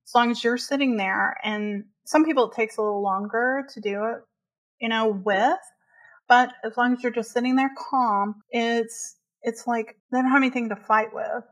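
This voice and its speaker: A woman's voice: a little high, steady tone, normal speed. A woman in casual conversation, chatty and laughing often, with many fillers as she talks. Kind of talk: casual chat.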